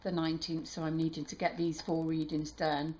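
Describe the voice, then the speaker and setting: A woman tarot reader talking warmly to her viewers, halting and emotional, with many restarts. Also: deep voice, flat delivery. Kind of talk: casual heartfelt channel talk.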